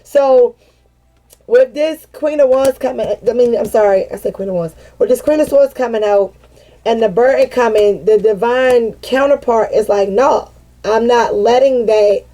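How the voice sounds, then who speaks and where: A woman giving a casual, animated tarot reading, swearing freely and breaking into sassy asides as she voices the cards. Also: a little high, normal speed, rough recording. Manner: chatty and animated, swears freely and laughs often. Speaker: tarot card reader.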